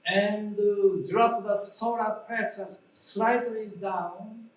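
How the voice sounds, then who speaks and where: A man with a Japanese accent, a native Japanese speaker, guiding a posture demonstration in halting English and repeating his key instructions. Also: sits high, fairly even intonation. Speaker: meditation instructor. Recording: roomy lecture hall, voice from a distance.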